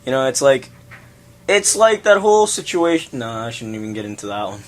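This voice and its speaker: A young man co-hosting a casual, crude chat show, animated and laughing, jumping between topics. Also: medium pitch, a little fast. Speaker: podcast co-host.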